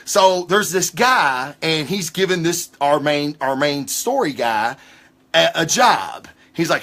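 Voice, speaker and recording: A man hosting a casual livestream comic book review, talking in an excitable, rambling way with lots of swearing. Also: a little high, takes it slowly. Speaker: comic book show host.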